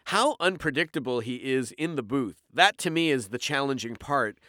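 Man, voice actor guest, bright crisp voice, dry close studio sound, lively storyteller. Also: medium pitch, normal speed, dry recording. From Canada. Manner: animated storyteller, slips into impressions. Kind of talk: casual interview chat.

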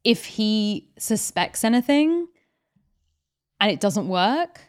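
A woman's voice: mid-range voice, very animated, slow. A woman co-hosting a podcast, talking through a film in a thoughtful, analytical way with frequent "like" fillers. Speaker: podcast co-host. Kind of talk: casual film discussion.

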